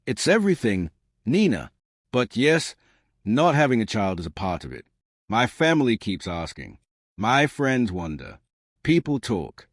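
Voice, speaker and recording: A man voicing a tired, distant husband in an audio story, speaking flatly and firmly. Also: medium pitch, unhurried, no echo, studio quality, exaggerated voice. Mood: cold, tired. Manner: flat, cold, firm.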